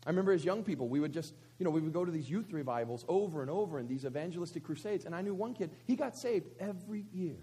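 A pastor preaching a conversational sermon at a church service, asking many rhetorical questions. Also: male voice, a little high, lively intonation, fast, few pauses, warm tone, slightly rough.

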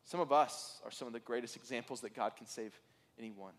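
A man's voice: mid-range voice, a little fast. A man preaching a sermon as pastor, earnest and conversational, with occasional fillers and restarts. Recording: reverberant hall.

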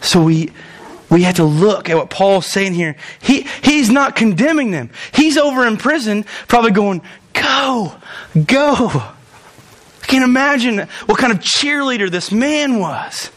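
A pastor delivers a sermon and closing prayer in church, talking earnestly and directly to his congregation. His voice sits a little high for a man and climbs on the words he stresses. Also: animated, moderate pace, a bit bright.

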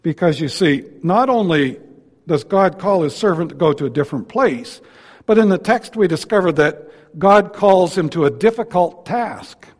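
A man preaching a sermon as a visiting pastor in a church, folksy and warm-humored, with joking asides between his points. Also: high voice, expressive, moderate pace. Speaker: guest preacher. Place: church sanctuary. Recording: long hall reverb.

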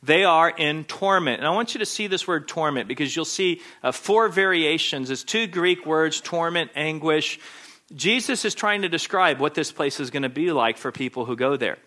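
Man, preacher, sermon, emphatic, repeats himself, bright tense voice. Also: fairly high pitch, expressive, moderate pace. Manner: emphatic and insistent, repeating key phrases.

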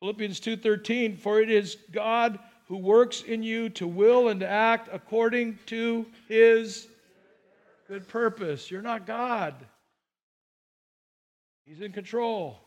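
A man's voice: steady tone, slow pace. A man preaching a sermon, who breaks into whiny, acted-out prayers to make his points. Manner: acts out whiny prayers in a higher voice. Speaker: pastor.

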